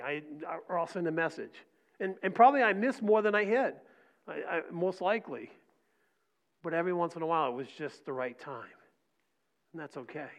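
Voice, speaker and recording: A middle-aged man preaching a sermon in a conversational way, often asking "right?" and dropping his voice to a soft hush for emphasis. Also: a little high, normal speed. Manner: conversational preaching with frequent "right?" and repeated words; drops to soft near-whispers for emphasis. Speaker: pastor. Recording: dull lo-fi recording.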